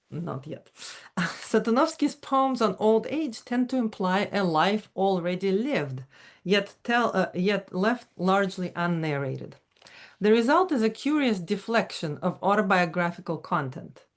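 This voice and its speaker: Woman reading a literary lecture. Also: medium pitch. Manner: measured, with fillers and restarts. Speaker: academic speaker.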